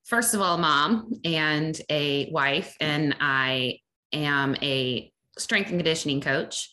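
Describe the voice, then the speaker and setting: A woman's voice: low-pitched, slow pace, pushed and bright. A woman in her forties with a Southern American accent, a strength coach chatting in a podcast interview, laughing easily and rambling. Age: 40s.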